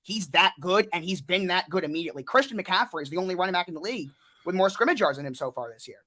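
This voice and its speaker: Brief: male sports podcast co-host, bright tone, earnest and stat-minded. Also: sits high, expressive, quick pace. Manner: earnest, stat-heavy, enthusiastic. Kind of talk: casual sports chat.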